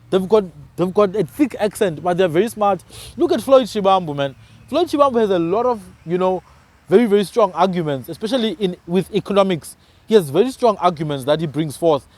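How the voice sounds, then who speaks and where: A man's voice: sits high, a little mellow. A South African man hosting a casual discussion, talking emphatically and often tagging his phrases with "man". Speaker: podcast host.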